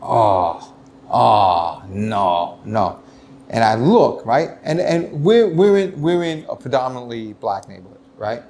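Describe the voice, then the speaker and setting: A middle-aged man, a retired police lieutenant telling stories in an interview, animated and full of restarts. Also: fairly high pitch, normal speed, hardly any pauses, slight background noise. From United States. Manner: animated storytelling, many restarts, acts out quoted voices. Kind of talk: casual interview talk.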